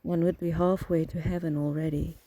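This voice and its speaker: A man narrating an audiobook chapter in a steady, even reading. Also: a little high, normal speed, no room sound, low-quality recording. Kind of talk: scripted narration.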